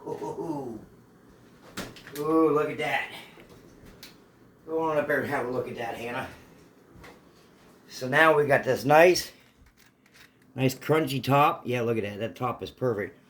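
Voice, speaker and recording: A man's voice: medium pitch, measured pace, long pauses, fairly bright tone. A man hosting a casual cooking demonstration at home, chatty and playful. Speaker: cooking show host. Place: home kitchen. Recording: echoey home kitchen.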